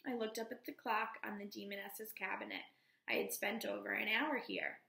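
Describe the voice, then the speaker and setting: A woman teacher reading a novel aloud to her students in a measured, careful way, calling out the page numbers as she goes. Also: mid-range voice, very animated, gravelly, sharp tone, roomy sound.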